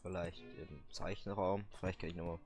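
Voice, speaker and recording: A German man quietly commenting while he plays a game. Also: fairly even intonation, brisk, soft background music. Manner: casual, low-key muttering. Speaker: gaming channel host. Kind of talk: let's play commentary.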